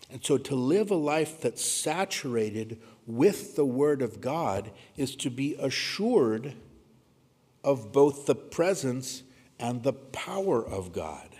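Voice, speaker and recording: A man preaching a sermon, earnest, dropping to a hushed voice when he quotes scripture. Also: mid-range voice, animated, takes it slowly, slightly rough. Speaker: pastor. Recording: reverberant hall.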